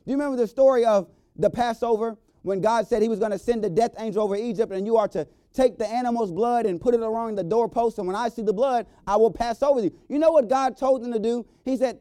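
A man preaching a revival sermon in a church, reading scripture and building to emphatic, drawn-out points. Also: very high-pitched, warm tone, clear, resonant tone, dry recording, studio quality. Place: church sanctuary.

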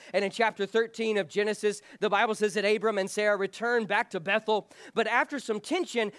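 A man's voice: high-pitched, a bit bright, dry recording. A man preaching a sermon as pastor, speaking earnestly and frankly, often restarting his phrases.

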